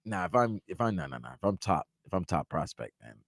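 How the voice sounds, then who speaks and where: A man's voice: deep voice, very animated, fast talker, gravelly, no room sound, studio quality. A man co-hosting sports talk radio, chatting casually with his partner.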